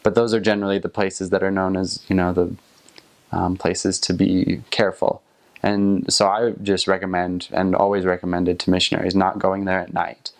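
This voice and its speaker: A man's voice: low voice, level tone, normal speed. A young man in his twenties, a returned missionary, giving casual, plain-spoken advice and recollections.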